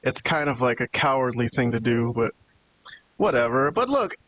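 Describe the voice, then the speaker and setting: A man's voice: medium pitch, big pitch swings, moderate pace, a bit bright, dull audio, slight background noise. A man hosting a wrestling podcast, chatting casually, rambling and swearing as he vents to his co-hosts. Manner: rambling and profane, venting to co-hosts. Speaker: podcast host. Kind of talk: casual chat.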